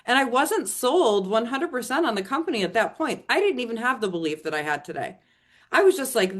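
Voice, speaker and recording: A woman's voice: on the high side, big pitch swings, a little fast. A middle-aged woman telling a chatty, emphatic testimonial story to an audience, rambling with restarts. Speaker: network marketing speaker.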